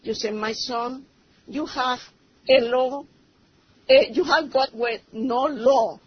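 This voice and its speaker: With a high, husky voice and a slow delivery, a middle-aged native Spanish speaker shares her personal testimony at church. She speaks broken, Spanish-accented English and drifts into Spanish while telling her story, on a slightly muffled recording with faint noise.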